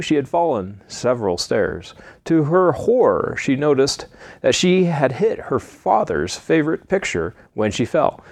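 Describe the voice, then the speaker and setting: A man reading a story aloud in an earnest, slightly halting way with small slips. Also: mid-range voice, creaky, no echo. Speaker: narrator.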